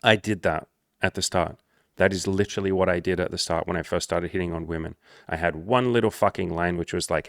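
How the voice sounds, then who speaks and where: Low, gravelly man coaching bluntly. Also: brisk, no echo, clean studio sound. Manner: blunt, swears a lot, animated. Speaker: dating and social coach. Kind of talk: casual monologue.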